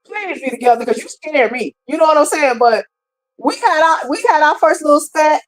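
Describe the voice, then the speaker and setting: A middle-aged woman, commenting casually on a live stream and talking straight to her viewers in an animated way. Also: high voice, normal speed, poor audio.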